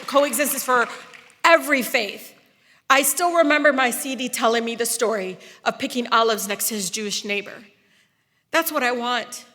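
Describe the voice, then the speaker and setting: Woman giving a fired-up speech, bright sharp voice, big echoey hall. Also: a little high. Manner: impassioned, rising to loud emphatic peaks. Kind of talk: political speech at a rally. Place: large hall. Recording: long reverb of a large hall.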